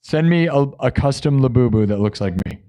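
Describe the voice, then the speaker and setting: A man's voice: medium pitch, lively intonation, fairly quick, warm tone. A man hosting a live music stream, chatting casually with viewers, laughing often and acting out quotes.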